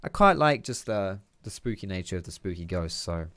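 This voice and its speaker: Lowish sweary gamer. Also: male voice, expressive, fairly quick, a bit bright, dry recording. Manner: chatty, sweary, teasing asides. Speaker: gameplay commentator. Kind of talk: casual gameplay commentary.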